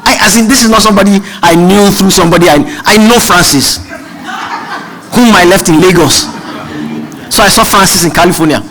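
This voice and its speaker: Nigerian-accented man, high voice, animated comic storyteller at a seminar. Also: a little fast, pauses often, poor audio. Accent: Nigerian, mixed with British. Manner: animated, self-mocking. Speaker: seminar speaker. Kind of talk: humorous storytelling speech.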